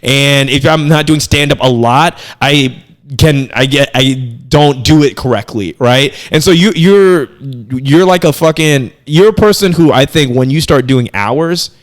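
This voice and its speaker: A man's voice: mid-range voice, measured pace. A man hosting a podcast, chatting casually and giving rambling, profane advice on stand-up comedy. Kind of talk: casual chat.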